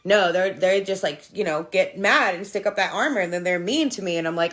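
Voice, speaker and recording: A woman's voice: lowish voice, fairly quick, fairly bright tone. A woman hosting a casual spiritual livestream, talking candidly with plenty of swearing, laughing often and answering viewers' comments. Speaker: livestream host.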